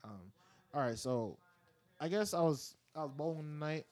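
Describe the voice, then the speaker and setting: A man's voice: a little high, lively intonation, normal speed, darkish tone. A man in casual podcast chat who keeps bringing up games and travel.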